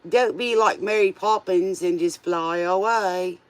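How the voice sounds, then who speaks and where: A man's voice: high-pitched, a little slow, smooth. A man doing a casual tarot reading, chatty and playful, with joking asides. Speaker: tarot reader.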